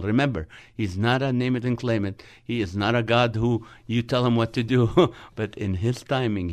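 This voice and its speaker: Male comedian guest, very low voice, dry close studio sound, animated storyteller. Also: dry recording. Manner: animated storyteller, acting out dialogue. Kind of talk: storytelling with humor in a radio interview.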